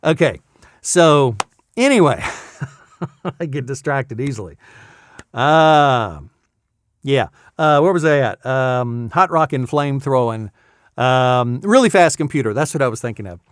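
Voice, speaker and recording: In a casual talking-head vlog, a voice actor with a smooth, animated, medium-pitched voice talks at a measured pace and pauses often. He rambles, amuses himself and gets sidetracked easily, and the studio-quality audio has no room sound.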